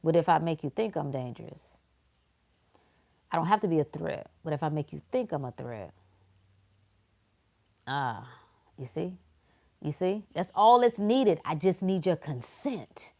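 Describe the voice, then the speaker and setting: A woman, talking bluntly in a casual spiritual talk, swinging between loud emphasis and hushed asides. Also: low-pitched, animated, measured pace, pauses often.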